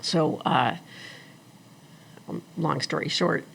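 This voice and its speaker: A middle-aged woman telling her story as an interview guest, animated and acting out the people she quotes. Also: sits low, very slow, gravelly, a little hiss or hum. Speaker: guest, attorney and former engineer.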